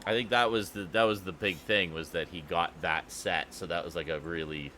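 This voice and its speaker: A man co-hosting a podcast in casual chat, who laughs easily and reacts with lively surprise. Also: low-pitched, normal speed, a little hiss or hum.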